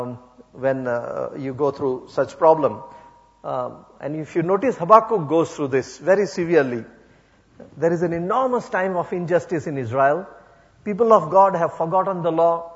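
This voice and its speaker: A man from India preaching a sermon, hesitant with many fillers, rising to impassioned emphasis. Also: a little high. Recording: muffled sound with long hall reverb.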